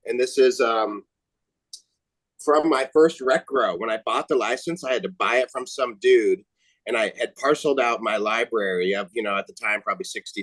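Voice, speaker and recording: A man's voice: lowish voice, no room sound, low-quality recording. A man guest chatting casually, telling a rambling story about his past. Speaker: guest grower. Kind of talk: casual chat.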